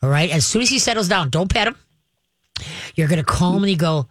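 Woman dog-training host, brisk and practical, demonstrates commands calmly, dry close recording. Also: lowish voice, no room sound. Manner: direct, instructive, acts out calm dog commands; frequent checks like "okay?" and "all right?". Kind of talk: casual advice to a caller.

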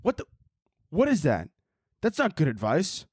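Profane, sarcastic man with lively pitch. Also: measured pace, slightly rough, no echo, clean studio sound. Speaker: podcast host. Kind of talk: casual advice segment.

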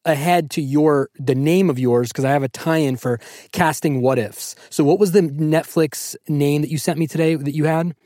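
Excitable man hosting a podcast. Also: on the high side, moderate pace, no echo, clean studio sound. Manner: playful, excitable, runs the segments. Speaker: podcast host. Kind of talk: casual chat. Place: podcast booth.

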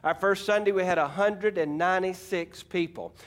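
A man's voice: high voice, normal speed. A middle-aged man from Arkansas, preaching a folksy, emphatic sermon and calling out to his congregation. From Arkansas, USA. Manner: folksy, emphatic preaching with audience call-outs. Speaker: pastor.

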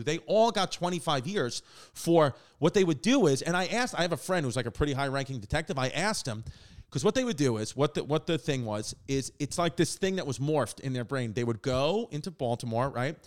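A man co-hosting a casual comedy podcast, telling rambling, profane stories with lots of restarts. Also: fairly high pitch. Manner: rambling, profane, animated storytelling. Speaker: podcast co-host.

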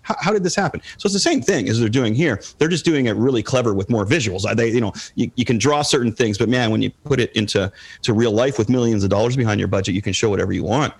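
A man hosting a casual pop-culture podcast chat, animated and rambling with frequent restarts. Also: mid-range voice, fast talker, vocal fry, breathy edge.

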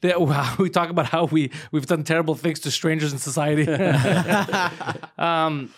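Man, high voice, podcast host, casual storytelling, profane, laughing. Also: moderate pace.

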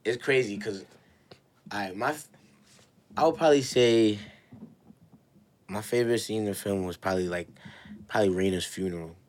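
A man's voice: on the low side, moderate pace, long pauses. A young man co-hosting a podcast in a studio, telling laid-back, slangy stories with lots of swearing. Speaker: podcast co-host. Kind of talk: casual chat.

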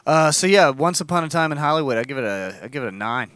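Man, casual podcast chat, laid-back, smooth clear voice, dry sound. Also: on the high side, animated, fast, a bit bright, no echo.

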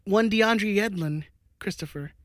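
A man's voice: sits high, a little slow. A man hosting a casual sports podcast, playfully teasing his co-hosts and reading out viewer comments. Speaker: podcast host.

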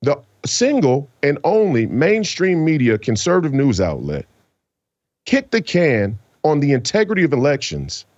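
A man's voice: on the high side, wildly swooping pitch, a little mellow, no echo, muffled recording. A man giving impassioned political commentary as a guest, emphatic and fired up. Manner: fired up, emphatic, dramatic pauses.

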